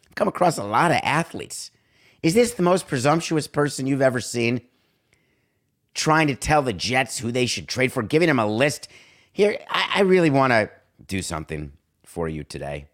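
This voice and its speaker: A man's voice: mid-range voice, big pitch swings, normal speed, a bit bright. A man hosting a sports talk show, delivering a sarcastic, exasperated monologue.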